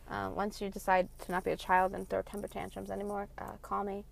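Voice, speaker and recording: A woman's voice: medium pitch, completely flat delivery, brisk, vocal fry. Ranting, cursing woman in her late 20s. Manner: heated, profane, blunt. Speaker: vlogger. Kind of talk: passionate rant. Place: in her car.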